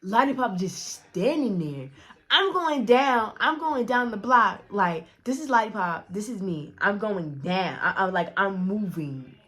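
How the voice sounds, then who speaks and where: A young woman telling a casual storytime to her viewers, blunt and profane, animated, with frequent restarts. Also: medium pitch, unhurried. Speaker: storyteller vlogger.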